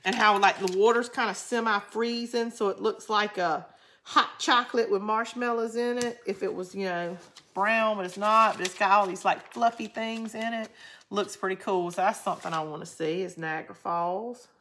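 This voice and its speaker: A woman's voice: mid-range voice, steady tone, normal speed, fairly bright tone, a little hiss or hum. A woman with a Southern US drawl, hosting a craft channel in rambling, chatty talk while she answers viewer comments. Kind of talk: casual live crafting chat.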